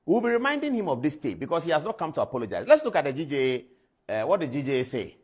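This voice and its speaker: A man's voice: on the high side, big pitch swings, racing, breathy edge. A man with a Ghanaian English accent giving impassioned studio commentary on the news, repeating names and phrases for emphasis.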